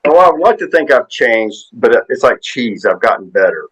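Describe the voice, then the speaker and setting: A man's voice: medium pitch, very animated, moderate pace, fairly bright tone, breathy edge, low-quality recording. A man in his sixties, a podcast guest, telling a story in a rambling, folksy way with lots of tag questions. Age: 60s. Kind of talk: casual storytelling chat.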